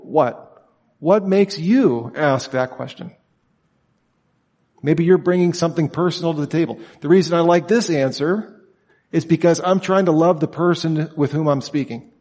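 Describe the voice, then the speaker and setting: A man's voice: a little high, darkish tone, big-room sound. A man teaching at a summer institute, lecturing students in an emphatic way and asking many rhetorical questions.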